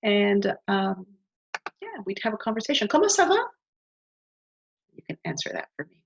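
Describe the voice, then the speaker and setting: A woman's voice: mid-range voice, lively intonation, moderate pace, creaky, a little hiss or hum. A woman teaching beginners, her voice rising and falling a lot as she models each phrase. She is patient and keeps asking the listener to repeat. The sound is dull and lo-fi. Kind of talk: beginner language lesson.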